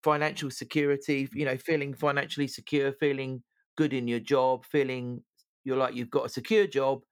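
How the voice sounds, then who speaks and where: A man's voice: mid-range voice, level tone, moderate pace, clear, resonant tone, no room sound. Chatty man, dry close sound. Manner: chatty, many fillers and restarts. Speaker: podcast co-host. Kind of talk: casual chat.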